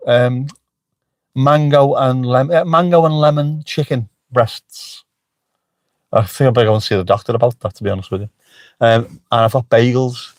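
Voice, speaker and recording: A man's voice: mid-range voice, no room sound. A middle-aged man chatting casually on a livestream, joking and swearing freely as he answers the chat. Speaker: livestream host. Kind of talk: casual live-stream chat.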